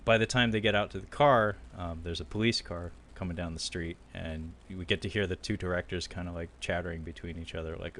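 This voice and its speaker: Low-voiced podcast host recapping a film. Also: male voice, fairly quick, hardly any pauses, slight background noise. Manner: animated storyteller, acting out quotes with loud bursts and laughter. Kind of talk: casual film recap chat.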